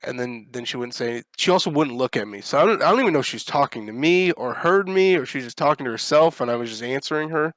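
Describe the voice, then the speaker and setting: A man spinning a rambling anecdote on a podcast, swearing freely and jumping into voices for each quote. He has an everyday, mid-pitched man's voice. It is recorded dry and close, with no room echo. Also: fast talker, hardly any pauses. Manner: animated, profane, acts out quotes. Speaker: podcast co-host. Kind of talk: casual storytelling chat.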